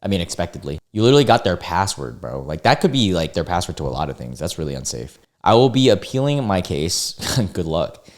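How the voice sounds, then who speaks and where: Male reaction host, deeper voice, very lively delivery, casual and profane, reacts in disbelief. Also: brisk, hardly any pauses. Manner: animated, swears freely, exclaims in disbelief. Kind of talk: casual commentary reading forum posts.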